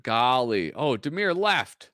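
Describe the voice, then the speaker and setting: A man hosting a live stream, reading comics aloud in an animated, joking way and laughing often. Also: medium pitch, slow pace, no echo, clean studio sound. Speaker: host.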